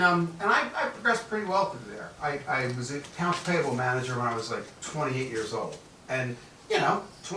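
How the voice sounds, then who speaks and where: A man in his seventies giving an animated, jokey storytelling keynote speech as guest speaker in a large conference hall. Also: medium pitch, a little hiss or hum. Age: 70s. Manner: animated, jokey, acts out quoted voices. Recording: echoey hall, voice from far off.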